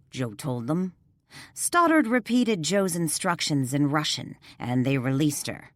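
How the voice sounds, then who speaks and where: A woman narrating a ghost mystery audiobook in an expressive storytelling voice. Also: sits low, a little slow, no room sound, studio quality. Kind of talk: scripted narration.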